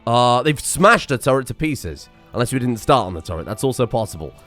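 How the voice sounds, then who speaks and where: A man giving excitable let's play commentary on a strategy game, muttering one moment and shouting the next. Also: medium pitch, a little fast, soft background music. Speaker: gameplay commentator.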